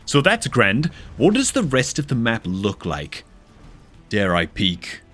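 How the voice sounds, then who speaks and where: A man with a medium-pitched voice casts a replay of a strategy video game, excitable and quick to exclaim. He keeps addressing his listeners as dude and man.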